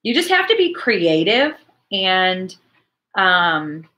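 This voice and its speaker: A woman in her forties hosts a casual church livestream chat, reading viewer comments and chatting in an animated way. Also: on the low side, takes it slowly.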